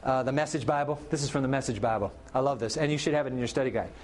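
A middle-aged pastor preaching a sermon, telling the story with animated delivery and acting out characters' lines. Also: male voice, medium pitch, rapid-fire.

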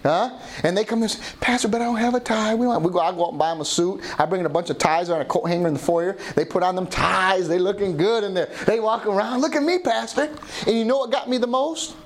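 A man's voice: high-pitched, fast, hardly any pauses. A middle-aged man preaching a sermon as pastor, often calling out "Amen?" to the congregation. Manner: call-and-response preaching, asking "Amen?".

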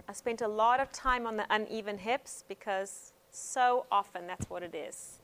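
A woman teaching hands-on pain management in a gentle, conversational way, telling stories from her practice. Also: medium pitch, normal speed, slight background noise. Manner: gentle, conversational, frequent um fillers. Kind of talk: instructional talk with personal stories.

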